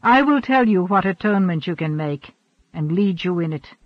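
A man reading the part of a stern old shaman in an audiobook, speaking gravely and in a measured way. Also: expressive, no echo. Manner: measured, grave, low-spoken. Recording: dull, dry recording.

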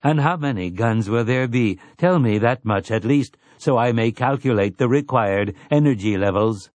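A man's voice: medium pitch, normal speed, a little mellow, no echo, close to an everyday voice. A man voicing a smug, complacent male robot who speaks with prim, precise diction.

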